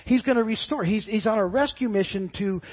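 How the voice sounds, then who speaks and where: A middle-aged pastor preaches a sermon in a high, husky voice, earnest and halting, often repeating words as he starts over. The recording is muffled.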